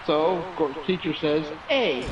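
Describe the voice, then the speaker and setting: A man with a fairly high voice tells a long joke in a chatty, playful manner. He calls in over the internet, sounding distant from his mic, with a loud arena crowd running underneath. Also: moderate pace, muffled recording. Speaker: co-host telling a joke. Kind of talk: casual chat and joke telling. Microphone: remote internet call.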